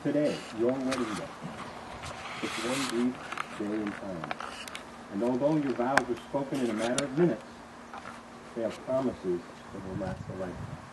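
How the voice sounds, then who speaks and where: A male wedding officiant speaking outdoors, his voice moving lively up and down as he tells a story with light jokes. Insects buzz and birds call clearly in the background. His pitch sits at an ordinary middle. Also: moderate pace, long pauses, heavy background noise. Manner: relaxed, storytelling, lightly joking. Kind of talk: wedding ceremony address.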